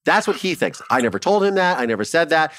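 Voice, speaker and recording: A man from Ohio, a documentary filmmaker, telling his story in a casual interview in an animated way, swearing freely and acting out what others said. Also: fairly high pitch, fast, no echo, studio quality.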